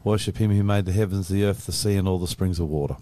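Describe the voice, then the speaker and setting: Man, low voice, tired, dry close sound, reads scripture. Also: steady tone, quick pace, dark tone, no room sound. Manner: reads scripture aloud, short replies. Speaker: radio co-host. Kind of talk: live radio Bible study.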